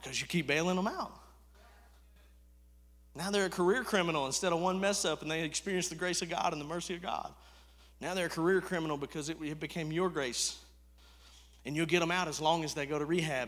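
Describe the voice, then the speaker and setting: A pastor preaching a sermon in a conversational way, swinging from hushed to loud. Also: male voice, fairly high pitch, steady tone, fast. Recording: echoey hall reverb.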